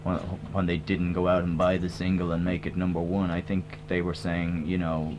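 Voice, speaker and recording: A man with a very low voice speaks in a put-on American accent, rambling deadpan through a comic radio interview with plenty of hesitant fillers. The sound is a dull, lo-fi old radio tape with a faint hum behind it. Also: moderate pace, hardly any pauses. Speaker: tribute band singer interviewed on radio.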